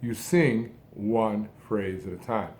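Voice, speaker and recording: A man giving an instructional talk, speaking deliberately in short phrases with strong emphasis on key words. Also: on the low side, darkish tone. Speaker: speech coach who stutters.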